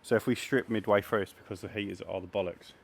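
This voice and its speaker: An English man hosting a podcast in relaxed casual chat, laughing often and chipping in with questions. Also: on the low side, fast, vocal fry, slightly rough. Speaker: podcast host.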